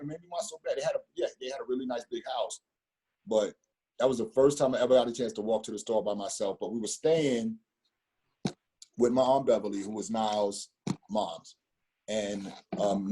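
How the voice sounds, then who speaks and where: Middle-aged storyteller, fifties, husky and dark-toned, loose rambling delivery full of slang and restarts. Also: male voice, mid-range voice. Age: 50s. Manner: rambling, repeats words, street slang. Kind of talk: casual storytelling conversation.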